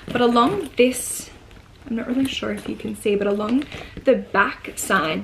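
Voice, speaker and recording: A woman with an Australian accent talks through an unboxing in an easy, gushing vlog manner, full of likes and little ums. Her voice sits somewhat high, and faint noise hums beneath it from an indoor room at home. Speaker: vlogger.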